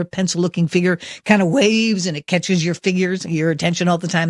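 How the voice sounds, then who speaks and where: Male Christian radio host, high voice, fervent preacher-style commentary, dry close mic. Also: dry recording. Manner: impassioned, preacherly, rhetorical questions.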